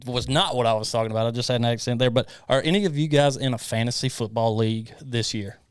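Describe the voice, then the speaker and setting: A man hosting a faith podcast in casual chat, animated and laughing often. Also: mid-range voice, quick pace, clean tone, no echo, clean studio sound. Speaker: podcast host. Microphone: studio mic.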